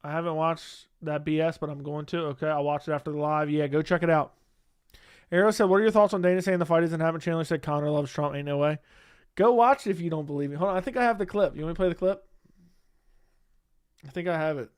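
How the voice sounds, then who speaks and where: A man's voice: on the high side, quick pace, smooth. A man hosting a casual livestream, talking to chat and ranting with lots of swearing. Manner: profane, indignant ranting. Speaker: livestream host.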